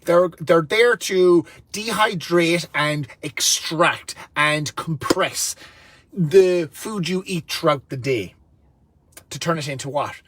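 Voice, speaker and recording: A man's voice: on the high side, slow pace, a bit bright, husky. A man, ranting bluntly and profanely to camera from inside a van. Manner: blunt, sweary and rambling. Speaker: vlogger.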